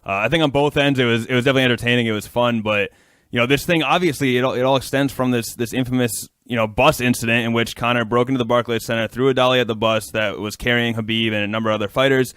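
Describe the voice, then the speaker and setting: A man's voice: medium pitch, steady tone, a bit bright, clean tone, no echo, studio quality. A man hosting a sports podcast, asking long rambling questions in a casual way. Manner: fast, rambling questions with fillers. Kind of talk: interview, casual chat.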